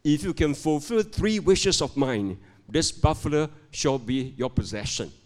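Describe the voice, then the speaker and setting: A man's voice: on the high side, lively intonation, measured pace, darkish tone. An older man voicing a farmer who offers his buffalo for three wishes, in a church hall. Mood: proclaiming. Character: bargaining male farmer with a prized buffalo. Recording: long hall reverb.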